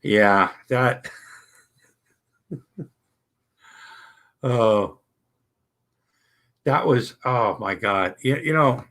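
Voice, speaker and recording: A man's voice: mid-range voice, lively intonation, drawn-out words, long pauses, a bit bright. A man hosting a casual livestream from his apartment, rambling and exclamatory, swearing freely. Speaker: livestream host. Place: old apartment indoors.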